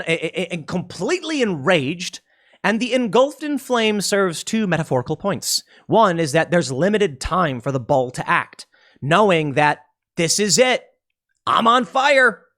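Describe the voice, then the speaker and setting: A man giving casual solo political commentary, animated and quick to slip into mocking voices. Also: a little high.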